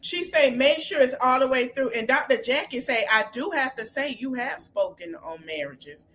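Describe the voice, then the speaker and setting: High-voiced woman recapping reality TV. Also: normal speed, a little hiss or hum. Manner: animated retelling, acting out quotes with exclamations. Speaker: podcast host.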